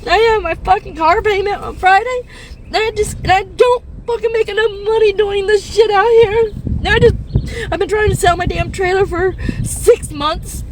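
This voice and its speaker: A woman in her fifties, crying and distressed, venting from her parked car with halting, swearing speech and nervous laughs, recorded on a phone. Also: very high voice, slight background noise. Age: 50s. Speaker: rideshare and delivery driver. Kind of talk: tearful venting video. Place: parked car in a fast-food parking lot.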